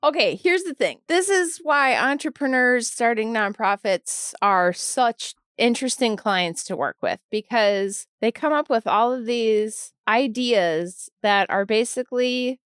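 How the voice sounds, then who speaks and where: A woman's voice: fairly high pitch, expressive, a little slow, hardly any pauses, fairly bright tone, clean tone, no echo, clean studio sound. A woman nonprofit attorney co-hosting a casual podcast chat, snarky and ranty, sounding a bit tired.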